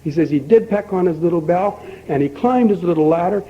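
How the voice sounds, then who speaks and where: An older man speaking at a recovery meeting, telling a long folksy joke and acting out both characters with lively emphasis. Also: high voice, brisk, husky. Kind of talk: storytelling talk at a recovery meeting. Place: meeting hall. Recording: dull lo-fi archival tape with faint hiss.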